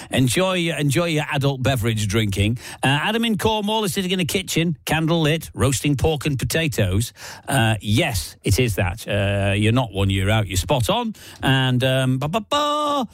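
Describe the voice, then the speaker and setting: A man's voice: medium pitch, dry recording. A man with a Lancashire accent presenting a radio show, chatty and jokey as he reads out listeners' emails. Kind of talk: casual radio chat. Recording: dry studio sound with faint music.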